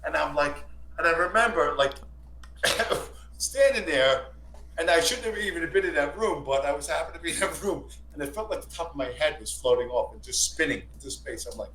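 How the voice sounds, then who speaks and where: A man with a somewhat high voice tells rambling, profane stories and keeps circling back to repeat himself. He sounds like he is in an echoey room, with a faint hum behind him. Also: lively intonation, fairly quick, pushed and bright. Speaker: stream guest. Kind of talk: casual storytelling.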